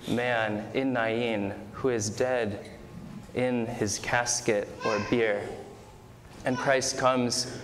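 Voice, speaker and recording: A man's voice: medium pitch, in a large hall, a little hiss or hum. A man preaching a sermon in a church, earnestly retelling a story with quoted speech. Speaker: pastor.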